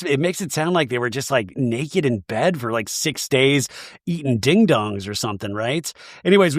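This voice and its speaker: A man hosting a podcast, recapping a reality show in a jokey, animated way and slipping into quick mock voices. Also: mid-range voice, no room sound, studio quality. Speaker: podcast host.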